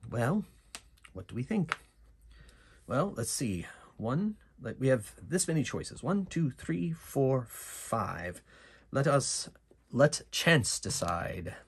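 Man, solo game runner, gravelly husky voice, lively pitch, musing narration. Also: slow. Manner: musing, talks himself through dice rolls and choices. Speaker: solo game master and player.

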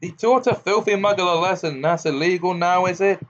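A man's voice: high-pitched, fairly quick, pitched above the performer's own voice, natural voice. A man voicing a furious, scornful old wizard father who bellows and jeers in a muffled home recording. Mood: jeering. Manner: bellowing, jeering, snarling.

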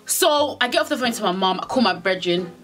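Animated young British woman telling stories. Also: medium pitch, a little fast, faint music behind. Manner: animated, slangy, swears a lot, acts out scenes. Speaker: storyteller vlogger. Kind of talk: casual storytime chat.

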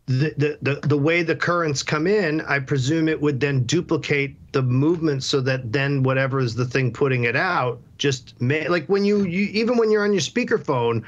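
A man chatting as a guest on a comedy podcast, halting and repeating words as he explains. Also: on the high side. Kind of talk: casual comedic chat. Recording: slightly muffled recording.

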